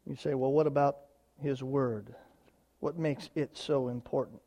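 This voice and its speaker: A man preaching a sermon, swinging from loud emphatic declarations to quiet, quick asides while reading scripture. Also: medium pitch, steady tone. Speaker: pastor.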